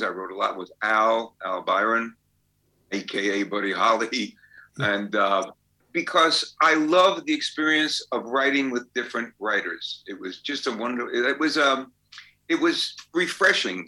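An older songwriter telling rambling anecdotes in a casual interview. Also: male voice, mid-range voice, sharp tone, poor audio. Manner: rambling anecdotes with fillers and restarts. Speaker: songwriter guest.

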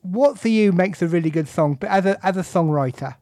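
A man's voice: sits high, expressive, fairly quick, mellow, dry recording, studio quality. A man interviewing a guest, asking questions with enthusiasm.

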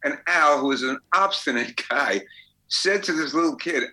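Bright-voiced older man telling stories. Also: fairly high pitch, expressive, moderate pace, low-quality recording. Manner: rambling anecdotes with fillers and restarts. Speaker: songwriter guest. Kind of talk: casual interview storytelling.

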